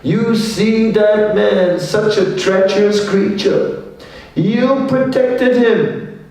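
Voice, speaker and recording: A man voicing a sly, scheming male tiger who urges slowly and emphatically in a raised voice, in a storytold fable. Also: animated, darkish tone, full character voice. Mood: urging. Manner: raised pitch, slow emphatic urging. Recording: echoey hall from far off.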